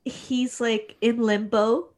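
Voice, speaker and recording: A woman's voice: a little high, fairly even intonation, slow pace, darkish tone. A young woman co-hosting a casual chat, talking in an emotional, rambling way with sighs and fillers. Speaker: podcast co-host. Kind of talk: casual chat about an anime series.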